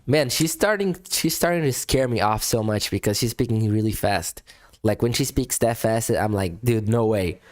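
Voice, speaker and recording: A man's voice: lowish voice, normal speed. Male streamer, casual and self-deprecating, repeats lines, swears, laughs a lot. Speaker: streamer reacting to a French lesson. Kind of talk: casual live-stream reaction.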